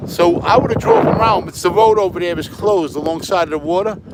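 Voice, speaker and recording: A man with a slightly high voice rambles casually to his live-stream viewers and greets them by name. He talks into a handheld phone outdoors, and heavy wind roars across the mic. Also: brisk. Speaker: livestreamer. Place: outdoors in a windy flooded parking lot, then in a car.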